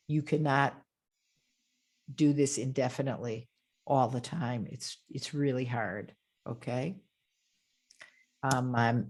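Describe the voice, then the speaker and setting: A woman grief counselor giving a webinar lecture over a video call, calm and gentle, with frequent fillers. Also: a bass voice, unhurried.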